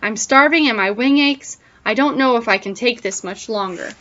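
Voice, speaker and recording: A woman's voice: fairly high pitch, moderate pace, fairly bright tone, close to an everyday voice. A woman voicing a grumpy, self-pitying little male cockroach who grumbles about his troubles, on a dull lo-fi recording. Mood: aching.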